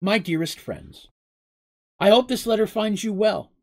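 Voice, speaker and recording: A man's voice: high voice, very animated, measured pace, vocal fry, voice pushed up, heavily acted. A man reading as an earnest gully king father. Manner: earnest, letter read in a plain voice.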